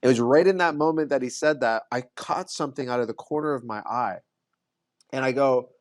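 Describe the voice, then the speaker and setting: A man's voice: medium pitch, fairly quick, a little mellow, no echo, studio quality. A man who is a podcast guest, in casual conversation, telling an earnest story with frequent restarts.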